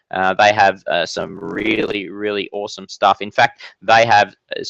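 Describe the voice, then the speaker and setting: A man's voice: lowish voice, gravelly, fairly bright tone, no room sound, highs cut off. A man hosting a casual live-stream Q&A from his home office, chatty and upbeat with many fillers and restarts. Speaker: weather channel host answering viewer questions.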